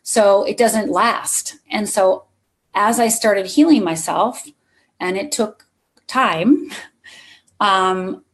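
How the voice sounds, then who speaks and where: A woman's voice: mid-range voice, slow pace, pauses often. A middle-aged woman gives a motivational keynote at a conference. Her voice sits in an ordinary middle range. She shares her own story and often turns to the audience to speak to them directly. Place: conference hall with a live audience.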